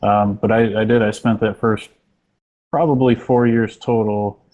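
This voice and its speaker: Male real estate agent on a panel; low, even delivery, thoughtful pacing with restarts. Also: dull audio. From small rural county. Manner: reflective, measured, many restarts. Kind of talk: panel discussion answer.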